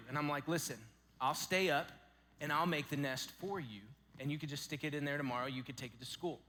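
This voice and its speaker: Guy preaching at a youth camp, bright tense voice, telling stories, echoey hall. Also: high-pitched. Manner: storytelling, animated, dramatic pauses. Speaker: camp speaker.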